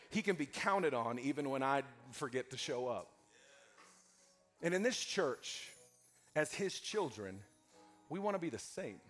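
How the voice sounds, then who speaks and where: A man's voice: fairly high pitch, a bit bright. A pastor preaching to his congregation during a church service, emphatic and calling out for amens between points. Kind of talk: live sermon with announcements.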